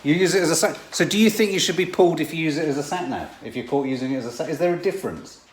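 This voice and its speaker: A man's voice: on the high side, expressive, racing. A middle-aged man filming himself cooking at home, chatting playfully to himself and getting flustered. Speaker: husband filming a family vlog. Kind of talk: casual chat and self-narrated cooking.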